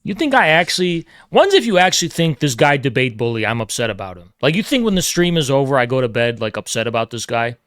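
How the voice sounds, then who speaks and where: A man's voice: mid-range voice, big pitch swings, fast talker, few pauses, fairly bright tone, dry recording, clean studio sound. A man hosting a livestream, ranting at his chat in an aggressive, profane, repetitive lecturing way. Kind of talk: heated livestream rant to chat.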